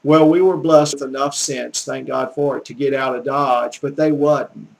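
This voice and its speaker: Southern drawl, older man, gravelly folksy teacher voice, earnest and a bit preachy. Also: medium pitch, steady tone, normal speed, low-quality recording. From American South, Gulf Coast. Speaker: YouTube language teacher. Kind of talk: casual rambling monologue.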